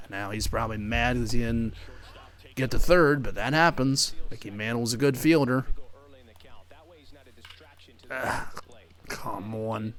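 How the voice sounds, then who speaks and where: A man's voice: mid-range voice, a bit bright. A man giving casual play-by-play commentary over his own video game, muttering to himself with mild frustrated outbursts. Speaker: gaming video creator.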